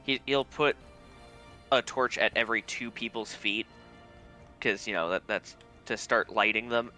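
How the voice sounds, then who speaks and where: A man playing a tabletop role-playing game, a gravelly player who drops into a low voice for his character's lines. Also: a little slow, sharp tone, soft background music.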